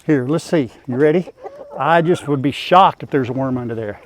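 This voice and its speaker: A man's voice: medium pitch, moderate pace, slight background noise. An older man with a drawl, chatting casually to his chickens and his viewers on his farm. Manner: folksy rural drawl, talks to his animals. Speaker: farm vlogger. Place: outdoors in a chicken coop.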